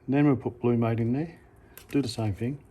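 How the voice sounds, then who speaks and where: An Australian man casually talking through a hands-on how-to demonstration, relaxed and unhurried, stopping now and then to correct himself. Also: mid-range voice. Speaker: amateur radio hobbyist.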